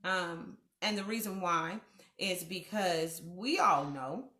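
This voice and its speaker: A woman's voice: on the low side, takes it slowly. A middle-aged woman hosting a mentoring livestream from home, telling stories and acting out quoted voices with laughs. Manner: animated storyteller, acts out quoted voices with laughs. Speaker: host of a youth mentoring livestream. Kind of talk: casual livestream talk. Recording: echoey home room.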